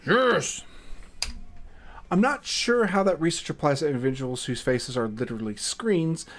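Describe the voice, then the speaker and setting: A man's voice: on the high side, lively intonation, moderate pace, fairly bright tone, a little hiss or hum. A man voicing a formal, pedantic robot with a screen for a face, in a raised, prim and precise voice while reading a game aloud. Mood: pleased.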